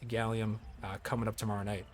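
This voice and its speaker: A man's voice: fairly low pitch, level tone, quick pace, soft background music. A man casting an esports playoff stream, hyping the next match to viewers in a casual, upbeat way. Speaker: esports caster. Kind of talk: casual play-by-play commentary.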